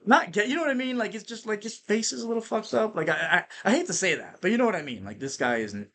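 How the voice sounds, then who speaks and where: A man hosting a podcast, telling a story in a casual, energetic monologue that swears freely and keeps checking in with "right?". His voice is bright and forward, and his pitch swings widely as he talks. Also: quick pace, hardly any pauses. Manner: energetic and profane, full of fillers like "right?". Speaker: podcast host.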